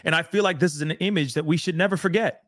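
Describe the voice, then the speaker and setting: A man's voice: on the high side, fast, a bit bright, no echo, studio quality. A man co-hosting a casual talk show, speaking emphatically and repeating phrases for emphasis. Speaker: podcast co-host. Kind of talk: casual discussion.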